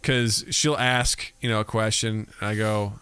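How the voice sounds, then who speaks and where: A man's voice: on the low side, unhurried, clean tone, dry recording. A man in his thirties co-hosting a podcast, chatting casually and acting out family conversations as he tells stories. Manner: animated storyteller acting out family dialogue. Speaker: podcast co-host. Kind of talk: casual chat.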